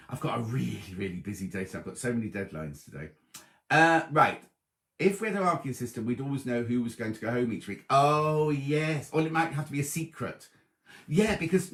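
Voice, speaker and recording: A middle-aged man hosting a casual live stream, reading out viewers' messages and greeting them by name. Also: medium pitch. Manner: chatty, reads viewer messages aloud, warm greetings. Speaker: host of a live sewing chat stream. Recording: roomy echoey live stream.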